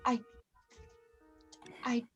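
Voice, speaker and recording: A woman's voice: drawn-out words, bright, forceful tone, highs cut off, soft background music. A woman playing a tabletop game, amused and laughing between her lines. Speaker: player. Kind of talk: tabletop role-play chat.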